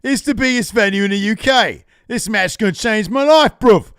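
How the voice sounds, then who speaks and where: A man putting on a brash, cocky wrestler, shouting his boasts in a raised, high voice. The sound is dry and close, with no room around it. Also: moderate pace, smooth, dry recording. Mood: boastful. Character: cocky British male wrestler, loud and boastful.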